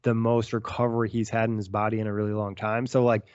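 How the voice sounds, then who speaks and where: A man's voice: fairly low pitch, flat delivery, darkish tone, smooth, no echo, muffled recording. A man co-hosting a casual basketball podcast, loose and chatty, peppering his talk with "like". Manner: quick, loose, full of "like". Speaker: podcast co-host. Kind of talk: casual sports chat.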